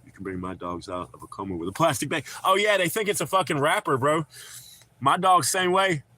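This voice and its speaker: A man with a North Carolina accent chats loosely on a home livestream, his pitch swinging all over and his tone bright and forceful. He rambles, jokes and swears freely. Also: animated, fairly quick. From not from North Carolina. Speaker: livestream host. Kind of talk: casual livestream chat. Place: home with dogs.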